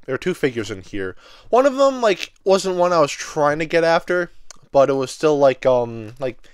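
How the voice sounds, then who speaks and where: Excitable young man unboxing toys. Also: a little high, normal speed, clean tone, no room sound, clean studio sound. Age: 20s. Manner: rambling, excitable, lots of filler words. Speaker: toy reviewer. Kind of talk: casual unboxing vlog.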